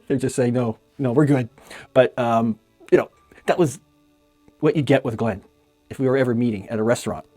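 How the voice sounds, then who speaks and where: A man's voice: mid-range voice, moderate pace, pauses often, a little mellow, faint music behind. A middle-aged man from Canada, a magician, telling fond and chatty stories about a late friend with frequent laughs. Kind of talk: casual spoken memorial tribute.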